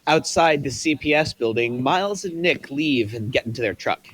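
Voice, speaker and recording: A man's voice: medium pitch, expressive, moderate pace, a bit bright, breathy edge, no room sound. Man reading stage directions. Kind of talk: table read narration.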